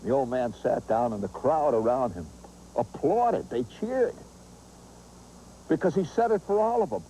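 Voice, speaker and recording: A host spins a humorous, nostalgic story packed with vivid asides, animated throughout. His voice is medium-pitched and measured in pace, and the low-quality recording carries a little hiss or hum.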